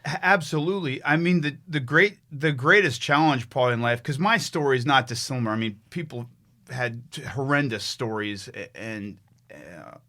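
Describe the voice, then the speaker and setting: Guesting on a podcast, a middle-aged fitness trainer from the US tells an animated, emphatic story in a bright, forceful, mid-range voice at normal speed. He restarts his sentences many times along the way.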